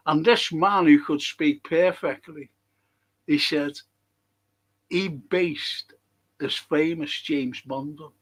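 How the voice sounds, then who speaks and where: Older man, co-host, rambling anecdotal storytelling, slightly raised pitch. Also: fairly bright tone, rough recording. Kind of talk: casual chat.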